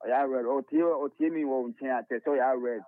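A man's voice: mid-range voice, a little fast, no echo. A Ghanaian man calling a radio show, making his point emphatically and repeating it. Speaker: caller. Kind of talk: call-in radio chat. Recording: tinny phone line on radio.

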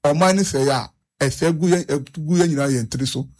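A man's voice: fairly high pitch, normal speed, darkish tone. A man with a Ghanaian accent being interviewed, making earnest points, repeating himself and switching between Twi and English. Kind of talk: street interview on national issues.

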